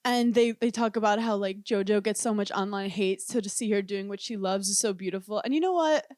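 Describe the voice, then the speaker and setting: A young woman co-hosting a podcast, chatting casually and telling animated, giggly stories full of "like". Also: mid-range voice, brisk, no echo, studio quality. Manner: giggly, animated storytelling with frequent "like". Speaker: podcast co-host. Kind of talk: casual chat.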